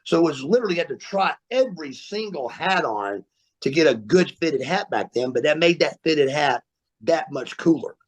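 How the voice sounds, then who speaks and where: A man with a slightly high voice tells stories from his career as a podcast guest. He talks in an animated, repetitive way, restarting phrases and laughing along. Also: normal speed. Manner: animated storyteller, repeats words, laughs often. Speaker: guest, former wrestler. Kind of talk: storytelling interview. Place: remote interview, podcast.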